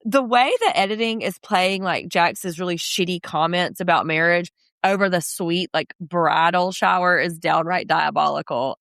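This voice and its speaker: A woman's voice: on the low side, normal speed, gravelly, dry recording, clean studio sound. A woman co-hosting a casual podcast, recapping a reality show and slipping into voices to quote the cast. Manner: animated, slips into quoted voices. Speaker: podcast co-host.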